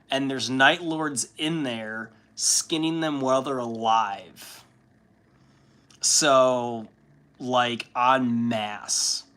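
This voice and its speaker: Bright-voiced man rambling on a livestream. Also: mid-range voice. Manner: rambling and profane, with frequent fillers and laughs. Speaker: livestream host. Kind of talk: casual chat during a hobby stream.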